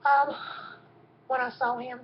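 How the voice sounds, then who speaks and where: Slow, halting woman telling a testimony. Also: high voice, level tone, lo-fi sound, a little hiss or hum. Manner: emotional, halting, repeats words. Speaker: storyteller. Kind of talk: personal faith testimony.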